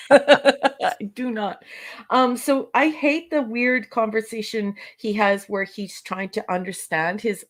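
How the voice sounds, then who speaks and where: A woman on a casual podcast, reviewing episodes in an exasperated, sarcastic rant. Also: medium pitch.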